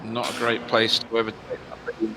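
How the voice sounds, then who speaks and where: A man doing chatty live commentary on a sim race, quick to exclaim at the action. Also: fairly low pitch, completely flat delivery, very noisy.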